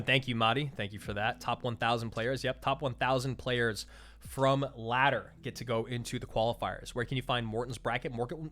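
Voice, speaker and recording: A man's voice: mid-range voice, a bit bright. Chatty man streaming esports. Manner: chatty, answers chat, jokes about himself. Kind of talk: casual live-stream chat.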